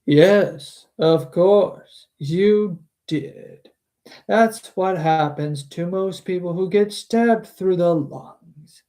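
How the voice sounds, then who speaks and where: A man voicing a mysterious, aloof male trickster god in a slow, grand, faintly old-man voice for a storybook reading. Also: high voice, warm tone, pitched above the performer's own voice. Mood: dryly amused.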